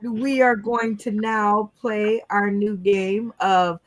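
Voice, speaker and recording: Slow easygoing woman hosting a call show. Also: mid-range voice, level tone, a little hiss or hum. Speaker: game show host. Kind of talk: casual chat. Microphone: video call.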